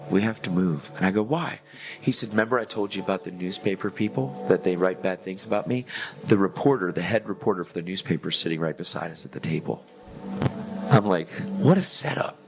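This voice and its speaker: A man preaching a testimony, telling a story with animated energy and acting out the lines of the people in it. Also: sits low, fairly quick.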